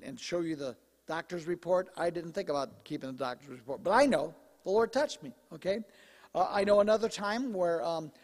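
A male pastor preaching a sermon in a conversational, animated way, his voice slightly hoarse. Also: high voice, big-room sound. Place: church sanctuary.

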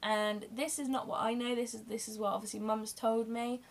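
A woman's voice: fairly high pitch, little pitch movement, moderate pace, gravelly. A young woman candidly telling a long personal story in a rambling, emotional way. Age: young adult. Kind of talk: casual storytelling vlog.

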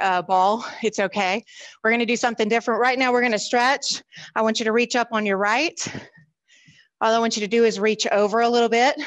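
A woman's voice: mid-range voice, fairly bright tone, poor audio. A woman, leading a seniors' exercise class over a video call, upbeat and counting reps aloud. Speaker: fitness instructor.

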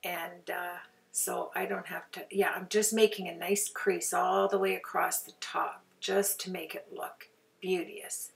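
A woman's voice: on the low side, little pitch movement, measured pace, creaky, distant mic. An older woman chatting casually through a card-making tutorial, rambling and sometimes dropping to a near-whisper.

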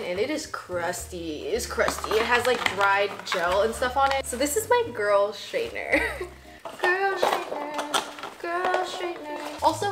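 A woman's voice: sits high, roomy sound, noisy background. A woman in her twenties, a YouTuber chatting casually through an unboxing vlog, bubbly and giggly with emotional asides. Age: 20s.

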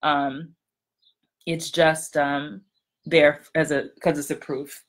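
A woman acting coach talking to viewers in a casual livestream, excitable and upbeat. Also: low voice, slow.

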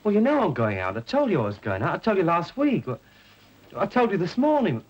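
A man's voice: high voice, huge pitch swings, brisk, husky, highs cut off, heavily acted. An actor playing a flustered young man who stammers and pleads with his mother, in a 1960s TV drama.

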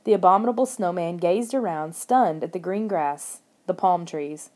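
A woman narrating a children's horror audiobook in the first person, steady and expressive. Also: fairly low pitch, normal speed.

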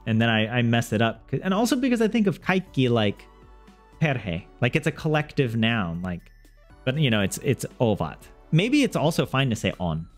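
A man's voice: medium pitch, very animated, normal speed. A man learning a language on a casual livestream, thinking aloud to his viewers with many restarts and self-corrections. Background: soft game music.

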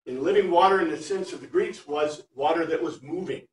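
A man teaching a Bible class, chatty and animated, reading Greek phrases word by word for his students. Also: on the high side, brisk. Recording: echoey room, far from mic.

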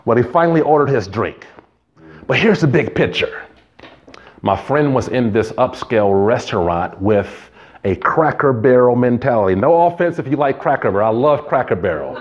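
A man's voice: mid-range voice, animated, normal speed, darkish tone, lo-fi sound. A man preaching a sermon as pastor, in a conversational way, telling stories and adding asides.

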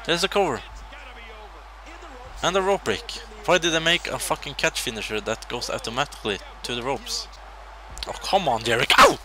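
Man doing game commentary, bright forceful voice, excitable shouting, faint hiss behind. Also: medium pitch, a little fast. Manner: excitable, swings between loud shouting and muttering.

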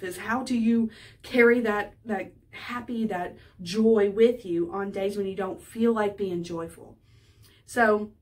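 A bubbly woman tells stories to camera in a lively, chatty way, in her thirties with a voice pitched on the high side. She is recorded in a small office, a little distant from the microphone. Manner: bubbly and chatty, animated storytelling. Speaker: life coach. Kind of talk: casual talking-to-camera vlog.

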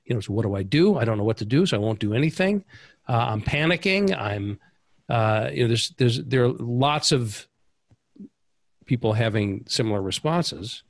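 A man's voice: mid-range voice, lively intonation, moderate pace, dry recording. A man hosting an interview, reflecting aloud in searching phrases. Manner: thoughtful, searching phrasing with restarts. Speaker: interview host. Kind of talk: conversational interview over video call.

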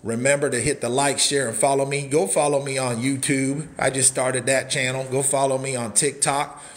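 A man in his forties giving a casual walkthrough of a prefab cabin, folksy and hyped up, shouting catchphrases and whooping between points. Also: medium pitch, flat delivery, moderate pace. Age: 40s. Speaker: cabin seller and social media host.

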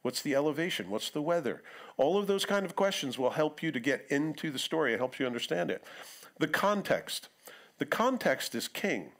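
A man's voice: fairly high pitch, very animated, moderate pace, a bit bright. A middle-aged male pastor giving a sermon in church, talking in a conversational way and acting out quotes in other voices.

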